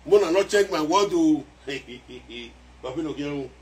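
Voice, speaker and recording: A Nigerian man delivers casual, excitable commentary on a song, often repeating his lines for emphasis. His voice sits a little high for a man. He is some distance from the microphone, so the sound is slightly distant. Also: measured pace. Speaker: music commentator.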